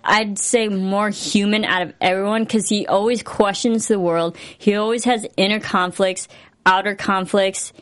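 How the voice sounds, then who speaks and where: A young woman co-hosting a TV after-show in casual chat, upbeat and agreeable and quick to chime in. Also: medium pitch, steady tone.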